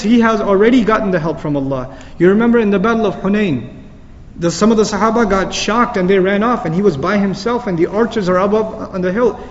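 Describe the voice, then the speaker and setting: A man teaching a Quran lecture, explaining Arabic words and reciting verses, recorded lo-fi in a reverberant hall. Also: high-pitched.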